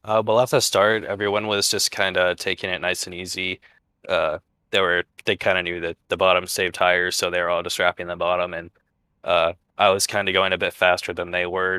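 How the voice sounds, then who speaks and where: Man, racing driver, very flat delivery, dry close sound, post-race interview. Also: clear, resonant tone, dry recording. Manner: low-key, halting with frequent fillers.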